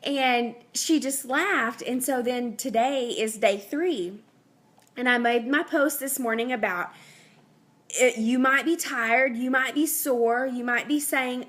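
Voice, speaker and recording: A woman's voice: fairly high pitch, slow, a bit bright. Earnest young woman with a twang. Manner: earnest, rambling, faith-driven, with many fillers and restarts. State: pregnant. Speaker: health coach. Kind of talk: casual unscripted talk to viewers.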